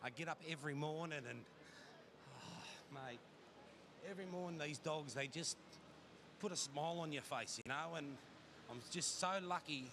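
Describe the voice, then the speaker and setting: A greyhound trainer, emotional and rambling, interviewed outdoors at the racetrack just after a win. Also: male voice, fairly high pitch, moderate pace, pauses often, noisy background. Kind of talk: emotional post-race interview.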